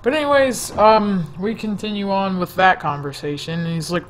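A man's voice: high-pitched, normal speed, a little hiss or hum. A man telling a rambling, jokey story-time vlog into a desk microphone, often sidetracking himself. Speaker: vlogger.

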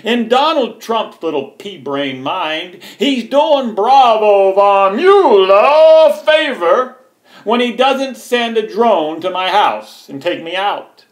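A man's voice: high voice, animated, takes it slowly. An American man delivering a heated, profane political rant to camera, sarcastic and mocking. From United States. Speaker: political vlogger. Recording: echoey room.

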